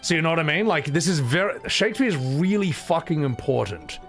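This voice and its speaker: A man's voice: fairly high pitch, expressive, a little fast, soft background music. A man chatting casually on a live stream, opinionated and sweary, with frequent asides.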